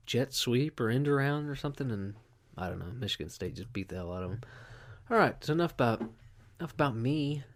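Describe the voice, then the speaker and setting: A man hosting a solo podcast, telling rambling, profane stories with lots of fillers. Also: medium pitch. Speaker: podcast host. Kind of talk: casual solo podcast monologue.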